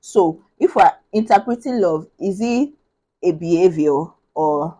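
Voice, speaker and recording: A woman's voice: fairly low pitch, animated, a little slow, warm tone, breathy edge, poor audio. A woman from Nigeria hosting a podcast in casual chat. She is bubbly, laughs often and thinks aloud with many restarts. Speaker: podcast host.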